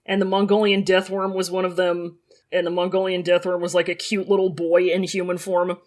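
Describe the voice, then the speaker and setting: A woman's voice: on the low side, flat delivery, brisk, a little mellow. A woman co-hosting a podcast in casual chat, rambling and laughing with lots of fillers. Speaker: podcast co-host.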